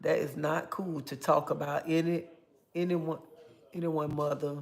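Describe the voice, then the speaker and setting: A woman's voice: low voice, little pitch movement, a little slow, creaky. Brief: middle-aged woman, livestream host, emphatic and repetitive, calls everyone honey. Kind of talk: casual livestream chat answering viewers.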